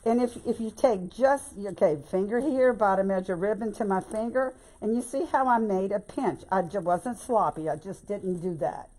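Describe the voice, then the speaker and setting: A woman's voice: mid-range voice, moderate pace, few pauses, mellow. A woman giving a chatty, folksy live-stream tutorial on making bows, often calling viewers "y'all" and "babe". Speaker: bow-making instructor.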